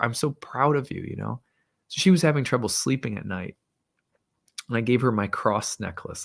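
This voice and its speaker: A man hosting an astrology talk, telling a personal story in a halting, reflective way. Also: fairly low pitch, gravelly. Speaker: astrologer host.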